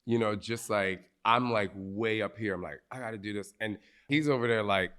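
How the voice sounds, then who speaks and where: Guy hosting a live podcast, low voice, blunt and sweary. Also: normal speed, fairly bright tone, clean tone. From New Jersey. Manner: blunt, emphatic, swears freely. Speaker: podcast host.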